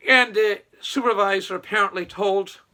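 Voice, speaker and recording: A man's voice: high voice, fairly even intonation, moderate pace, bright, forceful tone. A man giving a sarcastic, opinionated political commentary monologue. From Nova Scotia. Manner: sarcastic, mocking storytelling. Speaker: online commentator.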